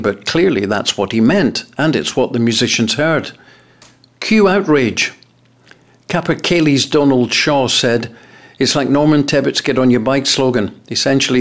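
A man reading an opinion column aloud with lively, expressive emphasis. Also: medium pitch.

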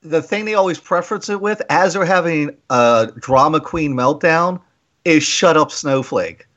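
A man co-hosting a podcast in casual chat, animated and mocking, who slips into shouted impressions of commenters. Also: a little high, normal speed, muffled recording. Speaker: podcast co-host.

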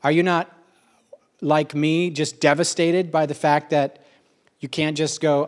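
A middle-aged man in a casual spoken monologue, rambling and emotional, with quick asides and a lot of repetition. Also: on the high side, flat delivery.

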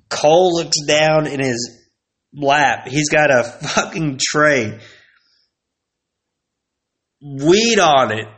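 A man's voice: mid-range voice, a little slow, long pauses, fairly bright tone. A man in his forties telling old stories alone on a stream, rambling, slangy and profane. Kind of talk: casual storytelling alone.

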